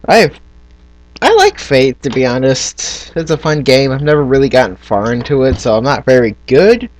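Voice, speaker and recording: A man's voice: mid-range voice, big pitch swings, normal speed, a little hiss or hum. A man giving casual commentary as he plays a game, chatting and thinking aloud about what to do next. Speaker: gamer.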